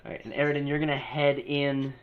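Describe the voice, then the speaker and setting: A man's voice: medium pitch, little pitch movement, fast talker. A man running a tabletop game as game master, narrating scenes with frequent fillers and restarts. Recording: tinny phone-like call with faint hiss.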